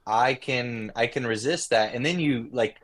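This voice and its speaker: A man's voice: mid-range voice, normal speed. A man, a guest musician, talking casually and reflectively, trailing off and restarting his sentences often. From Nashville. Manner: reflective, rambling with many restarts. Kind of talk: casual podcast conversation.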